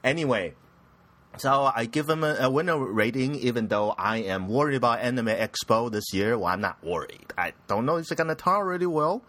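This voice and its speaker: A man's voice: medium pitch, pushed and bright, no room sound. A young man hosting a casual anime news podcast, rambling and crude, often giggling at his own jokes. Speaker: podcast host.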